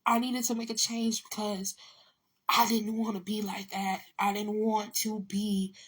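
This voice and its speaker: A woman's voice: medium pitch, little pitch movement, a little slow, husky. Blunt, emotional woman telling her story. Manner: blunt, emotional, swears freely, repeats words. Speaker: vlogger telling a personal story. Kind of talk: casual storytelling to camera.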